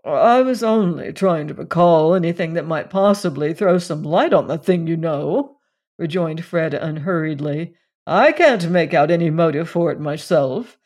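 A reader voicing a tired, worn-out gentleman at a club who tells a puzzling story in a low but distinct, unhurried voice. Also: close to an everyday voice. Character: tired clubman telling a strange story, man. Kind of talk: audiobook reading of a story.

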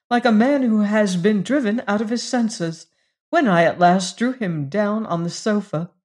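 An agitated young gentleman, voiced by an audiobook reader, talking urgently and with distress. His voice runs high and raised, pressing his story forward. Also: natural voice.

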